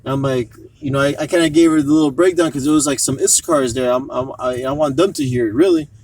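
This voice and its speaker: A man's voice: mid-range voice, fast, darkish tone, far from the mic, poor audio. A man telling a rambling story in a casual discussion, with coarse language. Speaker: discussion participant.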